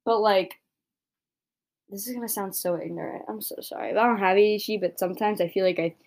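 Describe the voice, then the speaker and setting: A woman's voice: mid-range voice, brisk, a little mellow. A young woman hosting a solo podcast, rambling casually and self-deprecating, swearing a lot. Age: young adult. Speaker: podcast host.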